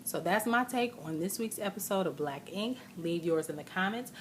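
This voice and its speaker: A woman's voice: medium pitch, expressive, moderate pace, slight background noise. A woman vlogger recapping a reality show episode in casual chat, retelling scenes by acting out what people said. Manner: chatty, retells scenes with quoted voices.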